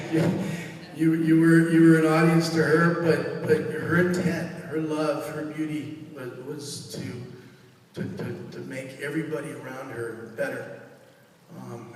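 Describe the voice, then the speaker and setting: Middle-aged guy giving a eulogy, kinda halting and emotional, slightly high voice, booming echoey hall, far from the mic. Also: slight background noise. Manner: halting, searching for words, warm storytelling. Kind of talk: funeral eulogy. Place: funeral service hall.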